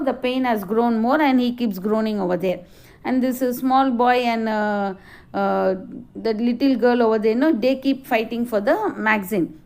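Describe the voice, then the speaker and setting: A middle-aged woman teacher explaining a play to a class, halting with many fillers. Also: on the high side. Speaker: English teacher.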